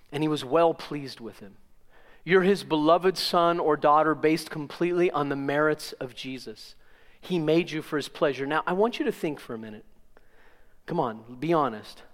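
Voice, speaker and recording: Emphatic older pastor in a reverberant hall. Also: male voice, fairly high pitch. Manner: emphatic, addresses congregation directly. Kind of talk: sermon.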